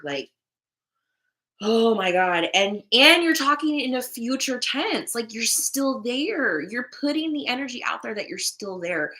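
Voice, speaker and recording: A woman's voice: medium pitch, measured pace, bright, forceful tone. A young woman hosting a casual live stream, talking candidly with frequent swearing and laughter and tossing in Spanish words. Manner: chatty, candid, swears freely, laughs often. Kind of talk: casual live stream chat about manifesting.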